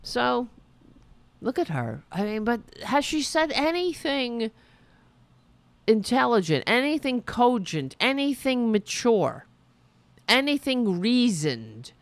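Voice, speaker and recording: A woman hosting a political podcast, talking in a sarcastic, mocking way with quick asides. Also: a little high, big pitch swings, no room sound. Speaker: podcast host.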